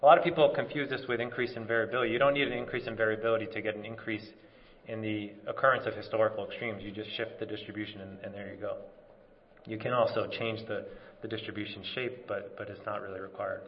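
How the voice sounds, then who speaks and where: A man from California giving an academic conference talk in a relaxed, informal way, with lots of fillers and restarts. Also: on the low side, fast talker, a little hiss or hum. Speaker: conference speaker. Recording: dull audio with long hall reverb.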